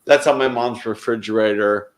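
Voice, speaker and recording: A man's voice: on the low side, fairly even intonation, moderate pace, roomy sound, rough recording. A man in casual group conversation, telling a heartfelt story in a rambling way, often restarting his sentences. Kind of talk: casual chat.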